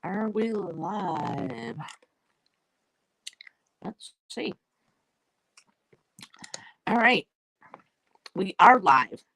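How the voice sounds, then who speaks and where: Bright crackly-voiced woman hosting a craft stream. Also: mid-range voice, very slow, gravelly, pauses often, husky, dry recording. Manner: chatty, greets viewers by name. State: sore throat, crackly voice. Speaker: stamping class host. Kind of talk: live-streamed craft class chat. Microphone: new desk mic.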